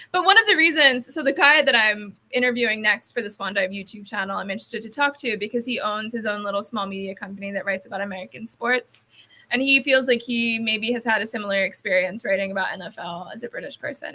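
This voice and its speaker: A woman's voice: mid-range voice, fast talker, pushed and bright. A woman guest on a sports podcast, a soccer writer chatting casually and thoughtfully, hedging with fillers and laughing easily.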